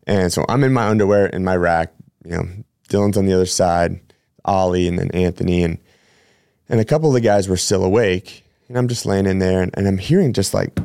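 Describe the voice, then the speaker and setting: A man's voice: sits low, fairly quick, darkish tone, smooth, no echo. A man hosting a podcast, a personal trainer telling rambling, chatty stories with many self-corrections. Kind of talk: casual storytelling.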